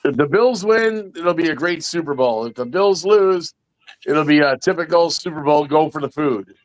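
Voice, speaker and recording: A man's voice: on the high side, expressive, normal speed, no echo, poor audio. A man joking and teasing in casual stream banter. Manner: jokey, teasing.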